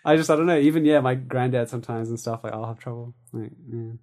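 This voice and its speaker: A man's voice: mid-range voice, quick pace, warm tone. Chatty young man hosting. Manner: rambling, swears, acts out quotes. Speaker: podcast host. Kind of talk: casual chat.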